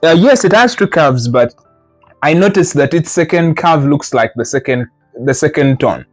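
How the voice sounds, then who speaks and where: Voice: mid-range voice, lively intonation, moderate pace, soft background music. A Mandarin teacher leading a live group lesson, patiently correcting students and explaining with playful imagery. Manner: models sounds, then explains with playful imagery.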